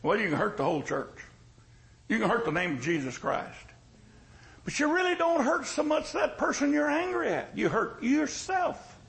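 A man's voice: extremely high pitch, sing-song, moderate pace, creaky, fairly bright tone, low-quality recording. A male pastor preaching a sermon in a folksy, joking way, with emphatic repetition.

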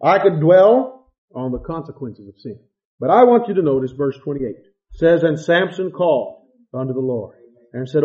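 A man preaching a sermon with passion, swinging between loud outbursts and hushed asides. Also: medium pitch. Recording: dull lo-fi sound.

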